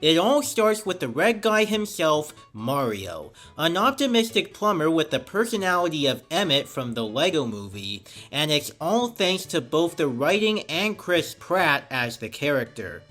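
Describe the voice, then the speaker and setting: A man giving a scripted film review in an enthusiastic, animated way. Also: fairly high pitch, moderate pace, hardly any pauses, soft background music.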